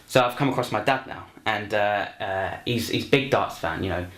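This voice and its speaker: Young man, rambling, lots of ums, low voice, roomy echo, faint music. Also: moderate pace, a bit bright. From London. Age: young adult. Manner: rambling, many fillers and restarts. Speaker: university student, actor. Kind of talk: self-introduction and comic story for a showreel.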